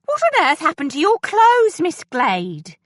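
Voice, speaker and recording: A woman voicing a bustling, fussy housekeeper who exclaims and frets, with a lively, fairly high voice. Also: moderate pace, no room sound, studio quality. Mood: fussing. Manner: fussing, bustling.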